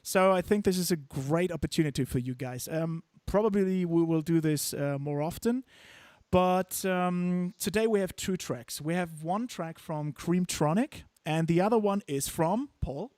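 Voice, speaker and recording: A man's voice: fairly high pitch, unhurried, darkish tone, dry recording, clean studio sound. A man from Germany hosting a casual live-stream chat, laughing often and stumbling over his words. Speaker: host.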